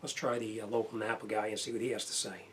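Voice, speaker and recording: Blunt New mechanic in a noisy shop. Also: male voice, lowish voice, level tone, fast. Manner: casual, blunt, talks the viewer through each step. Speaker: auto mechanic. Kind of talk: hands-on repair demonstration. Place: auto repair shop.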